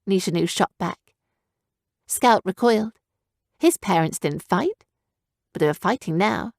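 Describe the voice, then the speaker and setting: A woman narrating a young adult fantasy audiobook in a steady, even storytelling manner. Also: medium pitch, a little slow, creaky, long pauses, no room sound, clean studio sound. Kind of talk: scripted narration.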